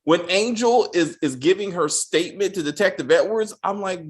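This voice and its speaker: A man hosting a casual film review chat, profane and animated, often stumbling and restarting as he acts out quotes. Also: sits high, normal speed. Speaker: podcast host.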